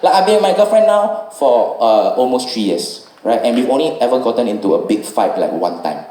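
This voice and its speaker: A man's voice: mid-range voice, brisk. Singaporean man doing stand-up in an echoey venue. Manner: lively, conversational, tags lines with "right?". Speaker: stand-up comedian. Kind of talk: stand-up comedy set. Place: comedy venue with a live audience. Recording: echoey live room from a distance, audience noise.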